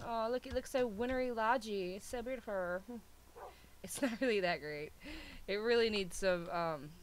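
A woman's voice: a little high, fairly bright tone. A young woman chatting casually while she plays a game, playful and self-mocking, often scolding her pets. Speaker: gaming video host. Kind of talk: casual chat while playing.

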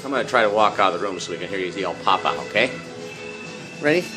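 A man filming his pet parrot at home on a handheld phone, switching between high sing-song baby talk to the bird and low asides. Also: lively intonation, fast talker, over music. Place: home indoors.

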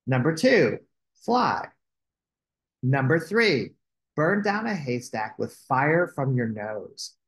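A man hosting a children's storytime, reading a picture book aloud with expressive delivery. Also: medium pitch, slow.

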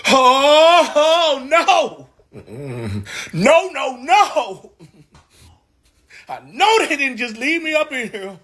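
A woman's voice: high-pitched, expressive, drawn-out words, pauses often, a bit bright, heavily acted. A woman doing a comedy animal voice-over as a stubborn male dog, whiny and full of sassy slang. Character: stubborn male dog refusing to leave car.

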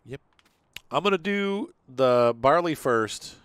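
A man's voice: on the high side, animated, slow pace, fairly bright tone, clear, resonant tone, dry recording. A man casually commenting on his farming game as he plays, rambling and chatty, with lots of fillers. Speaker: gaming channel host.

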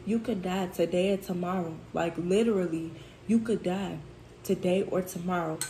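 A woman's voice: lowish voice, moderate pace, noisy background. Profane, venting woman in an echoey room. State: tearful. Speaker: food vlogger. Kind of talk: casual storytime chat.

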